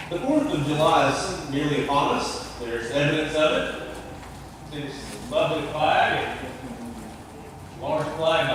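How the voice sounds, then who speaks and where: A man's voice: on the high side, background noise. A man, a pastor preaching a sermon in a folksy, joking, earnest way. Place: large church sanctuary. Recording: distant echoey sanctuary recording.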